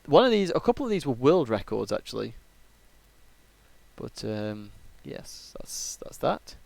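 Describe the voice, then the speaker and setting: A man's voice: medium pitch, sing-song, a little slow, gravelly, darkish tone. A man from England, a casual and jokey game streamer, chatting on a live stream and rambling with many fillers.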